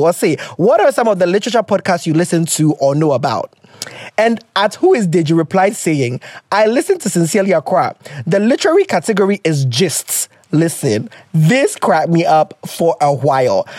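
A podcast host with a Ghanaian accent and a sore throat, chatting casually and mixing in Twi phrases. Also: female voice, lowish voice, a little mellow, no echo, studio quality. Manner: chatty, laughs often, slips into Twi phrases. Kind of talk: casual chat.

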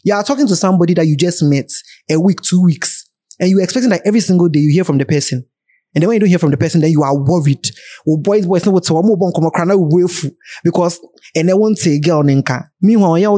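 High-voiced Ghanaian man giving chatty advice. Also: warm tone. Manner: chatty, advising, direct with listeners. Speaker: podcast host. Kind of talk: casual relationship advice chat.

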